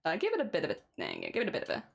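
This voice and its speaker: A woman's voice: lowish voice, huge pitch swings, racing, vocal fry. A woman streaming as she records and edits a song cover, chatting casually, laughing at herself and talking through each step. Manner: giggly and self-deprecating, narrating each editing step. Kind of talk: casual livestream chat while editing audio.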